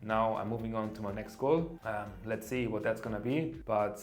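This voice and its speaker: A man's voice: lowish voice, normal speed. A man narrating his race day in a plain, matter-of-fact vlog voice-over, with some fillers. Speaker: vlogger recounting his race.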